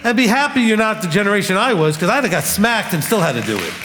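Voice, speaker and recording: A man in his fifties giving a blunt, animated teaching, often mimicking the people he talks about. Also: sits high, fast talker. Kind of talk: sermon-style teaching. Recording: long hall reverb.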